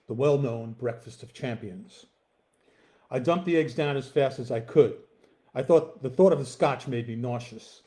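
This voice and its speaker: Man reading his novel aloud. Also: medium pitch. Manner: relaxed, with fillers in the intro.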